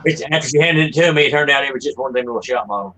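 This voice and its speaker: A man's voice: mid-range voice, rapid-fire, bright, forceful tone, low-quality recording. A man chatting and teasing, telling a rowdy story with a laugh. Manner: teasing, joking, laughs often. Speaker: podcast regular. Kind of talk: casual chat, storytelling.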